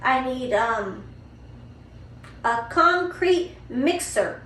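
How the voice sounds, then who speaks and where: A woman's voice: sits high, expressive, drawn-out words, fairly bright tone, a little hiss or hum, heavily acted. A woman voicing a shy, stubborn little farm boy who states what he wants bluntly. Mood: matter-of-fact. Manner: blunt, matter-of-fact demands. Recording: roomy, distant mic, faint ambience.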